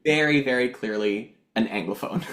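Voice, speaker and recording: A Canadian man in his thirties, guesting on a podcast, talking in an animated way and laughing often. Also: medium pitch, moderate pace, reverberant, crowd noise. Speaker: guest actor. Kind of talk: casual interview chat.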